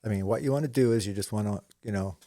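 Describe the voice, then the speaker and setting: A man's voice: on the low side, fast, warm tone, no room sound, studio quality. A man in a casual talk about his photography trade, telling stories in a rambling way, full of restarts and asides. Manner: rambling storyteller with many "you know"s and restarts. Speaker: commercial photographer, co-host. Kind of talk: casual conversation.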